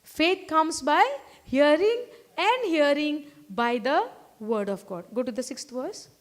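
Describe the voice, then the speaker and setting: A woman's voice: high voice, lively intonation, slow pace. A woman with an Indian English accent preaching a sermon, emphatic and repeating phrases while calling on the congregation to answer.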